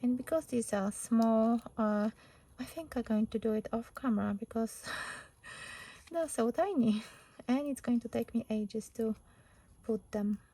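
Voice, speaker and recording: Slow, gravelly-voiced woman crafting. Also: on the high side, mellow, low-quality recording. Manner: thinks aloud, hesitant and self-questioning. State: slightly hoarse. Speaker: craft tutorial host. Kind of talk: casual craft tutorial narration. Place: home craft desk.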